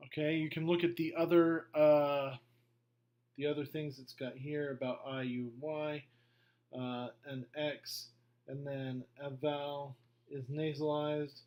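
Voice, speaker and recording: A middle-aged man teaching a beginner language lesson, going slowly through a worksheet, patient and repetitive with frequent okays. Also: fairly high pitch, level tone, darkish tone. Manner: slow, patient, repeats himself with many okays. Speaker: French teacher. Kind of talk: classroom lesson walkthrough.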